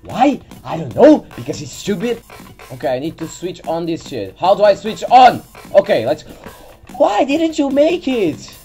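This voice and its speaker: A woman's voice: lowish voice, big pitch swings, moderate pace, warm tone, slightly rough. A woman hosting a gaming video, giving let's-play commentary as she exasperatedly scolds her character and swears, close to a desk mic. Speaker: gaming channel host. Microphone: desk mic near keyboard. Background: faint game music.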